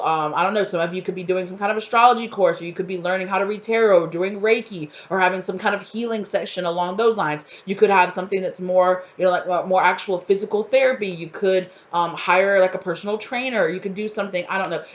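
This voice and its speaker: A woman giving a collective tarot reading in an effusive, rambling way, full of fillers and restarts and spiritual talk. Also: medium pitch. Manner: emotional, spiritual. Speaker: tarot reader.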